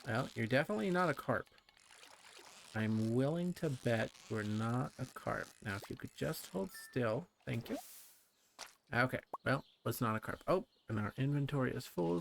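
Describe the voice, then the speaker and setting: A man's voice: medium pitch, lively intonation, normal speed, creaky, a little hiss or hum. A man giving casual, playful let's play commentary, rambling chattily with plenty of fillers as he plays.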